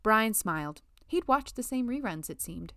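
A woman reading a novel as an audiobook narrator, in a measured storytelling manner. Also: fairly high pitch, lively intonation, pushed and bright, dry recording, clean studio sound. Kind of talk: scripted narration.

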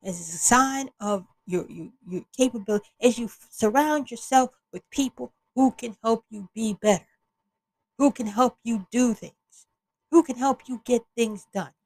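A woman's voice: a little high, normal speed, a little mellow, dry recording, poor audio. A woman hosting an opinion podcast, talking bluntly and with exasperation, often restarting her sentences. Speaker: podcast host.

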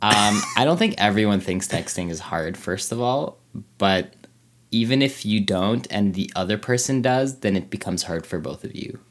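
A man co-hosting a casual podcast chat, talking hesitantly with many fillers and pauses. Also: fairly low pitch, animated, slight background noise. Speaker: podcast co-host.

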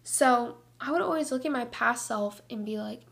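A young woman hosting a Christian devotional podcast, talking in an earnest, energetic, chatty way with lots of casual fillers. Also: a little high, normal speed, vocal fry, hardly any pauses, breathy edge. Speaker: podcast host.

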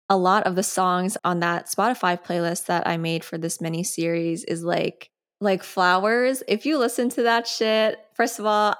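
Chatty young woman podcasting solo. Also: on the low side. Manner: chatty, sidetracked, frequent "like". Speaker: podcast host. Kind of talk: casual solo podcast talk.

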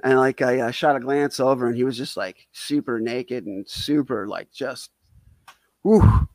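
A man tells a comedic story in a loose, rambling way, full of "like" and "uh" fillers. His voice sits at an ordinary middle pitch. The sound is dry and close, with little room in it. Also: steady tone, moderate pace, no room sound. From Wisconsin. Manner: rambling, heavy on "like" fillers, self-deprecating. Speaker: storyteller guest.

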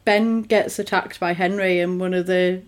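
A woman on a podcast, casually recapping a horror film and acting out the characters in quick quoted voices. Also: lowish voice, steady tone. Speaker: podcast co-host.

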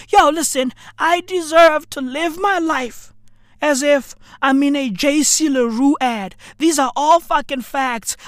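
A woman delivering a brash, slang-filled comedic rant with shouted bursts. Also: high voice, no echo, clean studio sound. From South Africa.

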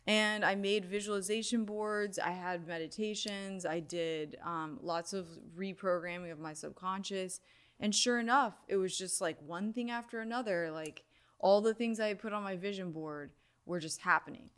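A young adult woman, a sound healer, talking casually in an interview and telling a personal story in an animated way, with many "like"s. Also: mid-range voice, normal speed, smooth.

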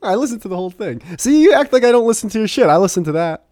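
A man's voice: high voice, sing-song, rapid-fire, darkish tone, dry recording, clean studio sound. A man hosting a casual podcast, rambling, laughing often and swearing freely. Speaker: podcast host.

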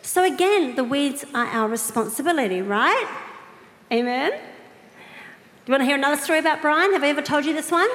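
A woman's voice: high-pitched, expressive, a little fast, pauses often, fairly bright tone, a little hiss or hum. A woman preacher delivering a sermon, chatty and playful, with humorous asides to the congregation. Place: large church auditorium. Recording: echoey hall with long reverb.

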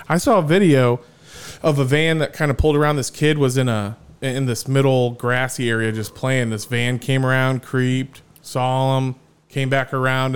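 A man hosts a podcast with a clean, resonant voice. His talk is relaxed and joking, peppered with curses. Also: medium pitch, smooth. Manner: loose, profane, joking. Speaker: podcast host. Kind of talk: casual chat.

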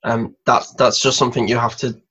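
A man's voice: medium pitch, little pitch movement, brisk, sharp tone, slightly rough. A man hosting a casual podcast interview, asking questions in a hesitant, chatty way. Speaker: host. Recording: dull lo-fi recording.

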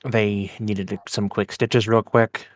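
A man's voice: fairly low pitch, little pitch movement, slow, no room sound, clean studio sound. Terse, blunt man running a tabletop game. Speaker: game master.

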